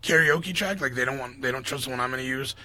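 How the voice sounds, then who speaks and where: Bright-voiced man pitching his show. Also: quick pace. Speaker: comedy show host, guest. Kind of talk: casual interview chat.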